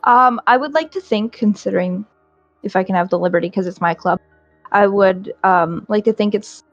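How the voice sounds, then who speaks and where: A woman's voice: medium pitch, normal speed, no echo, dull audio, soft background music. A woman taking part in a tabletop role-play as a player, hesitantly describing her character's actions with fillers.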